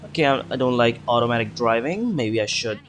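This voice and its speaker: With a medium pitch, lively intonation, and a fairly quick pace, a man comments casually on gameplay against a slight hiss or hum. The gaming video creator is chatty, mutters to himself, swears often, and adopts a joking accent.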